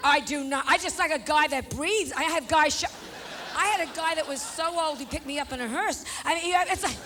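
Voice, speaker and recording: A woman with a high voice delivers a brash stand-up routine and talks straight to people in the crowd, often asking them questions. Clear noise runs under the live stage recording. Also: a little fast, pushed and bright. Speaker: stand-up comedian. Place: stage before a live audience.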